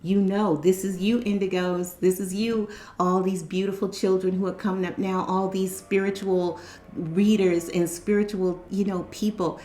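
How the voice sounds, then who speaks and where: A woman's voice: medium pitch, flat delivery, normal speed, mellow, reverberant. A woman in her fifties giving a casual, emphatic spiritual pep talk to her viewers, repeating her points. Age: 50s. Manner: repetitive, emphatic, exhorting. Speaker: spiritual channel host.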